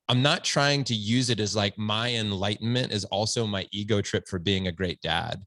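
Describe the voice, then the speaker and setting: Standing at home for a conversational podcast interview, this guest talks at a normal speed with few pauses in a lowish, slightly bright voice without echo. His manner is earnest and reflective, and he keeps restarting his phrases.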